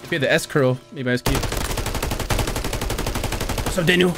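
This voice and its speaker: A young man bantering with friends in a group voice chat while gaming, teasing and repeating words in quick bursts. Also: a little high, creaky, music in the background.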